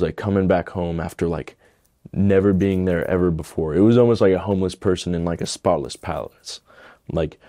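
A man's voice: low voice, dark tone, dry recording, studio quality. A young man telling his personal testimony in a casual, rambling way, earnest and emotional, filling his speech with "like". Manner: rambling, fills with "like".

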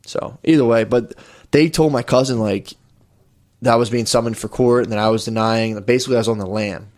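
A young man in casual chat, telling rambling, profane stories with quick wit. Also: medium pitch, steady tone, darkish tone. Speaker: storyteller.

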